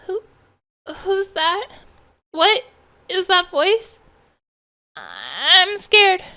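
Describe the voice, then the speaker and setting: A woman's voice: very high-pitched, huge pitch swings, drawn-out words, bright, forceful tone, voice pushed up, heavily acted. Woman doing a frightened little girl. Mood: scared. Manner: shaky, fearful questions.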